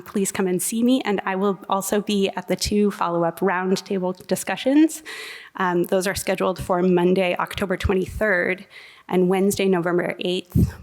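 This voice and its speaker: A woman introducing the speakers at a festival event, announcing plainly with a friendly tone and brief filler pauses. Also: fairly low pitch. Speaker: event host from a local organization. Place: festival venue. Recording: long hall reverb.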